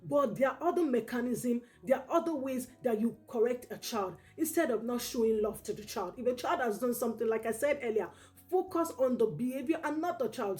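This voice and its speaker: A woman's voice: fairly high pitch, darkish tone. A woman giving parenting advice straight to camera, earnest and repetitive, checking in with her listeners by saying "okay?" again and again. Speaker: parenting educator.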